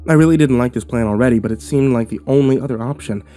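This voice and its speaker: A man narrating a first-person horror story in a subdued, measured way. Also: medium pitch, dark tone, soft background music.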